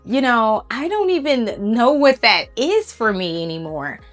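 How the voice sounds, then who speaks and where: A woman's voice: a little high, very animated, a little slow, faint music behind. A woman voicing a stressed but friendly cafeteria lady who talks in a chatty, wondering way. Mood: unsure.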